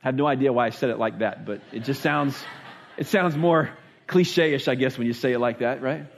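A man with a mid-range, creaky voice preaches at a slightly fast pace, with a little hiss or hum in the audio. He's a pastor giving an earnest, plain-spoken, conversational sermon, repeating words as he restarts thoughts and performing quoted speech with voices.

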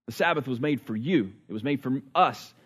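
A man's voice: mid-range voice, expressive, fairly quick, husky. A man preaching a sermon in a conversational way, often repeating words and chuckling. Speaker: pastor.

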